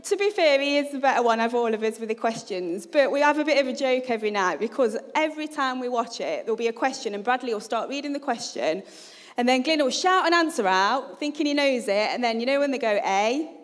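A woman preaches with chatty humour and keeps asking her congregation for a show of hands. Her voice sits fairly high. The church hall around her gives a long, ringing reverb. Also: animated, fast talker. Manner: chatty, humorous, asks the congregation questions. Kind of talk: sermon.

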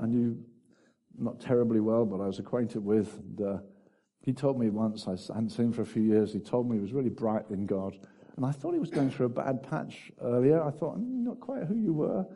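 A male preacher with a husky, mellow voice that is warm rather than bright. He swings from loud, emphatic cries down to quiet, confiding asides. His delivery is full of dramatic emphasis. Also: mid-range voice. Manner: swings between loud exclaiming and hushed, intimate asides. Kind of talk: sermon.

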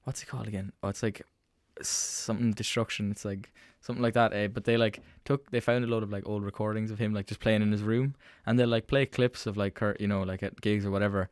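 A man's voice: on the low side, steady tone, fast, few pauses, dry recording, studio quality. A young man hosting a student radio show, chatting casually and rambling with lots of "like" fillers. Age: young adult. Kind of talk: casual chat on air.

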